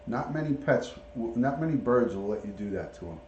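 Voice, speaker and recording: A middle-aged man with a mellow, relaxed voice talks casually on a livestream, greeting viewers by name as he chats. He sounds like he is at home in an echoey room, with a faint hum of room ambience behind him. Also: mid-range voice, brisk, highs cut off. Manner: chatty, talks to viewers and reads out chat names. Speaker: retired police detective, livestream host. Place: at home, showing a pet parrot.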